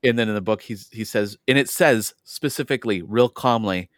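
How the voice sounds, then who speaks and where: A man co-hosting a podcast in casual chat, animated and quick to slip into playful character voices. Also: fairly low pitch, dry recording, studio quality. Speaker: podcast co-host.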